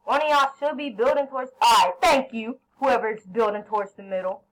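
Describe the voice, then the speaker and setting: A woman commentating her own gameplay, excitable, yelling at teammates and then apologizing. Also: a little high, fairly quick, poor audio. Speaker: gaming channel host.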